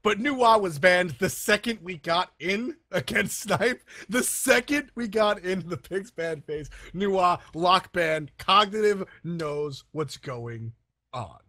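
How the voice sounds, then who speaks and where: A fairly high-voiced male esports caster, chatty and quick to laugh, stumbling into restarts as he talks. The mic is close and dry, with no room sound. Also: lively intonation, sharp tone, dry recording. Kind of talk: play-by-play commentary.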